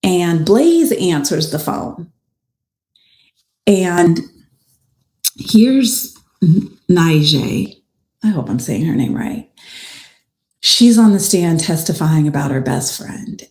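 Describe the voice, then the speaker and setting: A woman's voice: deep voice, lively intonation, slow, long pauses, warm tone. A woman host and attorney casually recounting a trial in a chatty, plainspoken way, with frank personal asides. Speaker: family law attorney and podcast host. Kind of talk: casual storytelling recap of a trial. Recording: echoey room.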